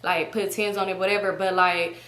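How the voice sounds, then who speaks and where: A young woman telling a storytime in a casual, animated way, acting out the other people's lines as she goes. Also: mid-range voice, brisk, reverberant. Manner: animated, mimics other people's voices while retelling. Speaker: storytime vlogger.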